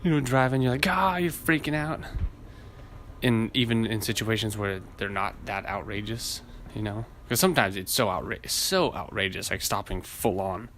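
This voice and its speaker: A man's voice: fairly low pitch, moderate pace, hardly any pauses, fairly bright tone, slight background noise. A man hosting a podcast alone, rambling casually and cursing freely, laughing at his own stories while hot and sweaty. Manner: profane, rambling, laughs at himself. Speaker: podcast host. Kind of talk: casual solo podcast rant.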